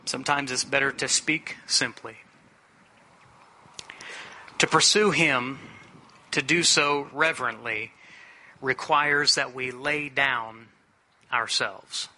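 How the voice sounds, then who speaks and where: A middle-aged male pastor preaching a sermon in an earnest, plainspoken way, slowing down to stress key phrases. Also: medium pitch, steady tone, sharp tone, a little hiss or hum.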